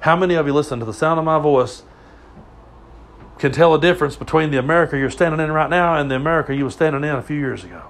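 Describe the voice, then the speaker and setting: A man's voice: fairly high pitch, fast, fairly bright tone. A man in his forties with a Southern US accent, hosting a podcast and mixing a political rant with rambling, profane stories. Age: 40s. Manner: profane, emphatic, rambling with restarts. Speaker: podcast host.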